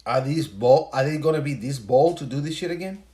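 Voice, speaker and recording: In a dark-toned, medium-pitched voice and at a fairly quick clip, a male podcast host launches into a casual monologue. The story comes out as a profane, emphatic rant full of rhetorical questions.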